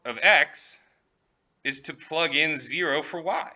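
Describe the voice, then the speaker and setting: A man's voice: a little high, takes it slowly, bright, forceful tone, rough recording. A man teaching economics, working through a problem step by step and checking in with students, with the occasional joke. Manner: light, joking asides. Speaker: economics professor. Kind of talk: classroom lecture.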